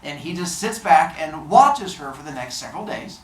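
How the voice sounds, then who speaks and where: A male teacher telling myths to his class in an animated, jokey way, full of voices. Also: fairly high pitch, normal speed, a little hiss or hum. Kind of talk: classroom storytelling. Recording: echoey classroom from far off.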